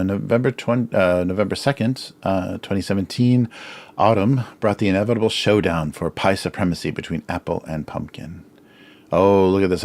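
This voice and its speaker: A middle-aged man hosting a casual drawing livestream, musing over his old cartoons with frequent chuckles and self-deprecating remarks, his voice a little strained. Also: low voice.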